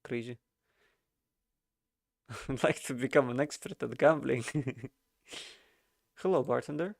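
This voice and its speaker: A man's voice: mid-range voice, slow, vocal fry, long pauses, no room sound, clean studio sound. A man streaming a game, casually thinking aloud and reading its dialogue with chuckles.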